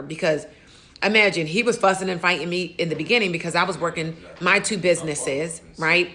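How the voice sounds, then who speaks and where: A woman's voice: fairly low pitch, a little fast, pushed and bright. A woman who is an insurance agent and host, talking candidly in a casual interview and telling stories with quoted asides.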